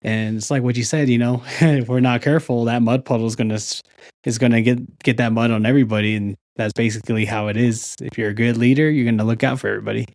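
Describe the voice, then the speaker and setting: A man's voice: medium pitch, steady tone, quick pace, darkish tone, no room sound, clean studio sound. A man hosting a podcast, responding to his guest in a reflective, thoughtful way. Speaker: podcast host. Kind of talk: casual conversation.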